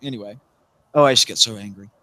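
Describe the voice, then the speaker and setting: Bright-voiced man telling rambling stories. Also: on the low side, fast, no room sound. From American South. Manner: wry, rambling storyteller who swears freely. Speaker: interviewee, YouTuber. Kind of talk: casual chat on a livestream.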